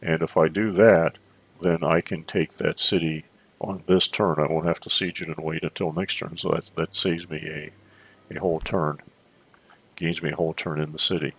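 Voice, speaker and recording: Casting: deep, gravelly man, calm and measured, talking through a strategy game. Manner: measured, thinks aloud with fillers. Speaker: gameplay commentator. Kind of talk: strategy gameplay commentary.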